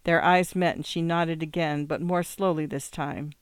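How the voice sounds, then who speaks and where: A reader giving measured, scripted narration of a novel. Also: medium pitch, fairly even intonation, clean tone, dry recording, studio quality. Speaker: audiobook reader.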